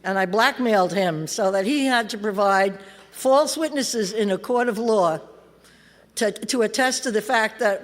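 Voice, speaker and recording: A woman's voice: medium pitch, unhurried. A middle-aged woman telling her recovery story at a convention, wry and streetwise, laughing as she goes. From California. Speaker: AA convention speaker. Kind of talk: recovery talk, personal story. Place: convention hall. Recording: live convention hall reverb.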